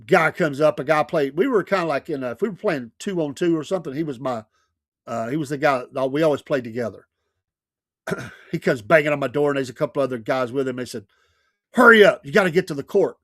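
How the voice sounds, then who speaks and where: A middle-aged man hosts a radio show, swapping neighborhood stories in a relaxed, chatty way and laughing a lot. His voice sits at a medium pitch and moves fast. The recording is studio quality with no echo.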